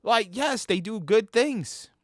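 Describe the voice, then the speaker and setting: A man's voice: high-pitched, takes it slowly. A man ranting casually as a gaming streamer, swearing and tripping over his words. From New York. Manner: animated, profane, stumbles over words.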